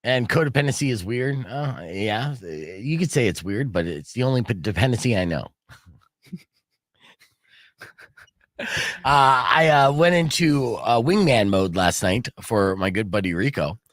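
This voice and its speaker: A middle-aged radio host chatting in a studio, his voice leaping up and down as he tells a story. The sound is close and dry, with no room echo. He rambles through fillers and restarts. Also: unhurried. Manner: rambling, filler-heavy storytelling with lively swings in pitch. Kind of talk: casual radio chat.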